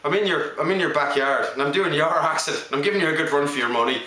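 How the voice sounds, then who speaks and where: A man's voice: fairly high pitch, fast, pushed and bright. A man, an actor, talking casually to camera while switching through a string of different English accents. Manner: hops between English accents, chatty and self-assured. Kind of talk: accent showreel monologue. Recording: echoey room.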